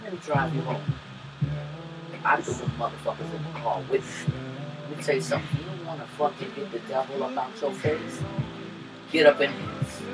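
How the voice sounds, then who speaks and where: A woman co-hosting a podcast, telling a personal story in a loose, profane, animated way and laughing often. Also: extremely low pitch, brisk, recorded from a distance, loud music behind the voice, low-quality recording. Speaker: podcast co-host. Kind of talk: casual storytelling chat.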